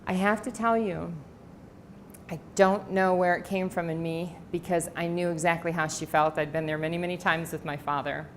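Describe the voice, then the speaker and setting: Middle-aged woman, author talk, storytelling, low-pitched voice, faint hiss behind. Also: fairly even intonation, moderate pace. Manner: warm anecdotal storytelling with quoted dialogue. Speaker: author giving a library talk. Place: library presentation room.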